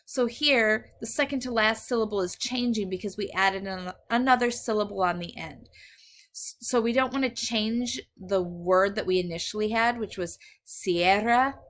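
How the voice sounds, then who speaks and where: A woman's voice: medium pitch, moderate pace, a bit bright. Patient woman teaching Spanish. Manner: patient, explains step by step, switches between English and Spanish. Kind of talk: recorded grammar lesson.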